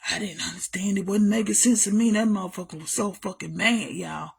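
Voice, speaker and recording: A woman's voice: medium pitch, a little fast, gravelly, slightly rough. A woman vlogger telling a family story in a profane, ranting way, repeating herself and calling out to her viewers. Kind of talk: angry storytime rant.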